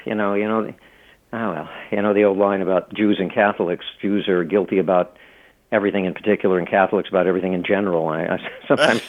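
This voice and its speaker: Low-voiced man talking over a phone line. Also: steady tone, quick pace. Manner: rambling, many restarts and fillers. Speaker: author and law professor, guest. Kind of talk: casual interview talk. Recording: tinny phone-line audio.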